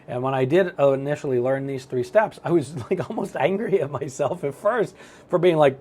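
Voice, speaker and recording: Middle-aged male self-help speaker, lively storyteller, a bit higher-pitched than most men. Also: a little fast. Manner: animated, storytelling, acts out his own thoughts. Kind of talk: motivational talk to camera.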